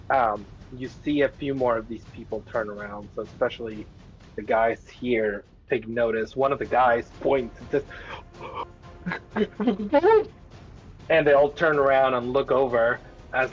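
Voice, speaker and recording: Male game master with a mid-pitched voice, rambling narration full of fillers; dull lo-fi sound, faint music behind. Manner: rambling, lots of filler words and restarts.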